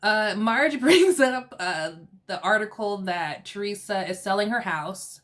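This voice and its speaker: A woman's voice: mid-range voice, lively intonation, unhurried, fairly bright tone. A woman casually recapping a reality TV episode, chatty and laughing often as she acts out the quotes. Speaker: TV recap host.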